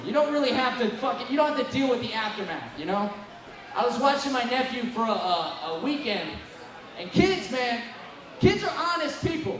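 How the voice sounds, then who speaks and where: A young man does a loose, cussing stand-up set from a bar stage. His voice sits very high, and he often breaks into yelling. It is caught from far off in a very echoey room, with clear noise around it. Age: 20s. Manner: profane, rambling, loud bursts of yelling. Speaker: stand-up comedian. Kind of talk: live stand-up set, crowd work. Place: bar stage with a live crowd.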